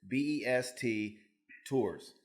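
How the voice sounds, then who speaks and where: A man's voice: mid-range voice, slow. A male podcast co-host with a mid-range voice who trades crude jokes. He banters loosely and then settles into long, casual stories. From Fresno, California. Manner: joking, profane banter. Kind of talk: casual chat.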